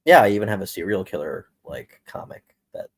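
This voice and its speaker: A man's voice: sits low, very animated, brisk, vocal fry, breathy edge, no room sound. A man who is a guest comic writer, chatting casually and hesitantly with many fillers. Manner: hesitant, many ums and likes. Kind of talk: casual chat.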